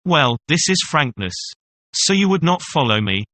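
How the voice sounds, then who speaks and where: A man's voice: fairly high pitch, very animated, normal speed, sharp tone, no echo. A man reading the lines of an earnest, pleading fifty-year-old cashier in a classic story audiobook.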